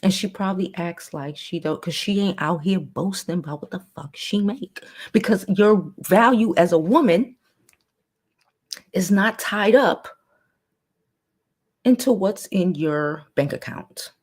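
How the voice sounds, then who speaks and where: A woman hosting a casual livestream, talking bluntly with profanity and reading viewers' comments aloud in a lowered, softened voice. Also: a little slow. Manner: putting on a lower, softer new voice. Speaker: livestream host.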